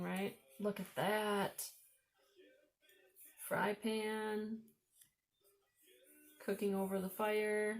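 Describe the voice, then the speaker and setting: Woman vlogger with an Upper Midwest accent, slow and chatty, admiring her finds. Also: mid-range voice, little pitch movement, a little hiss or hum. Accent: Upper Midwest American. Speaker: vlogger showing thrift finds. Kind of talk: casual show-and-tell.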